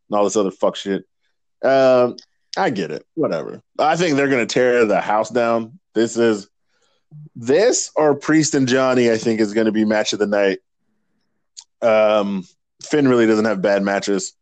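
A man with a fairly low, darkish voice speaks a little slowly, with no echo, as co-host of a casual wrestling podcast. His profane wrestling chat is crude and rambling, and he laughs often.

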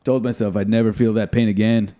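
A man's voice: on the low side, steady tone, fast talker, warm tone. A man in a casual comedy chat who jokes crudely and laughs often.

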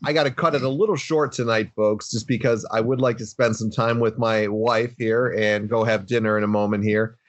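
A man hosts a podcast with an easygoing, chatty delivery and a fairly low voice. The sound is dry and close, with no room echo. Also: steady tone, brisk, hardly any pauses. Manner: easygoing, chatty host wrapping up the show. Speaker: podcast host. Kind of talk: casual chat.

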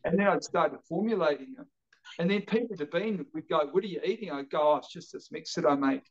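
A man from New Zealand, an energetic podcast guest telling his story with lively acted-out quotes. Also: a little high, a little fast, dull audio. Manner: energetic, acts out quoted voices. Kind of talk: animated storytelling.

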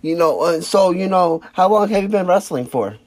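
A man casually interviewing a guest, relaxed, leaning on "you know" fillers and the odd swear. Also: high voice, normal speed, slight background noise.

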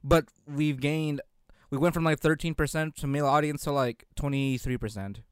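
A man's voice: on the high side, fairly even intonation, moderate pace, clear, resonant tone, no echo, clean studio sound. A man co-hosting a podcast, rambling through casual banter and laughing often. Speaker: podcast co-host.

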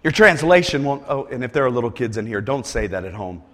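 A man preaching a sermon as a pastor, animated, swinging between quiet asides and loud emphatic lines, often repeating words as he restarts phrases. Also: mid-range voice, fast talker, in a large hall.

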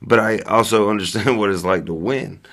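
A man telling a story in a casual chat, animated and profane, often laughing. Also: fairly low pitch, moderate pace. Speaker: storyteller among friends.

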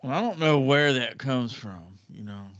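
A man's voice: mid-range voice, expressive, moderate pace, fairly bright tone, no room sound. A man in casual chat who rambles through a personal story with restarts, dropping "man" and "dude". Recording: dull, dry lo-fi recording.

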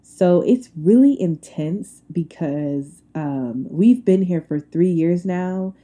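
Young woman, podcast host, casual solo chat, blunt and colloquial, very mellow dark tone, lowish voice. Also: slow. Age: 20s. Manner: animated storytelling with frequent laughs and rants.

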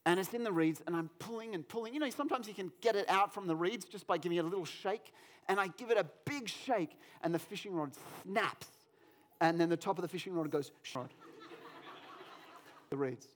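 High-voiced man preaching a sermon. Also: fast. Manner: animated, self-deprecating storyteller. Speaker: pastor. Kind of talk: sermon with personal storytelling.

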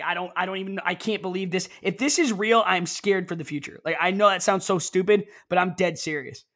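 Excitable young man with a high voice. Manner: excitable, animated, rambling. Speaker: co-host. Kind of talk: casual chat.

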